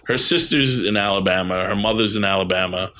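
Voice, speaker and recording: A man's voice: on the low side, brisk, pushed and bright, a little hiss or hum. A man in his thirties co-hosting a casual podcast, blunt and ranting, swearing freely. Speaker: podcast co-host. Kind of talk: casual profane chat.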